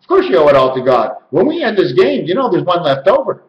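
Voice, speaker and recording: A man's voice: sits high, very animated, fast talker. A man rambling alone to the camera about numbers and letters, chanting and stretching words in a sing-song way. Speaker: video maker explaining number and letter theories. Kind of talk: rambling solo monologue. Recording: roomy, dull lo-fi home recording.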